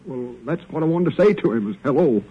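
An actor playing a simple, eager young country man, in a husky, stammering drawl, in 1940s radio acting. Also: on the high side, lively intonation, highs cut off. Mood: earnest. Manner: slow, stammering rural drawl.

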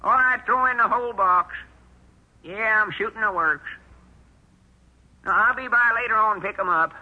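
An actor playing an old rural grandpa who puts on a fake high voice over the phone, stalling and hesitant, on a muffled old radio recording. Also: male voice, normal speed, husky. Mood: fake politeness. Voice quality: raised, put-on falsetto-ish tone.

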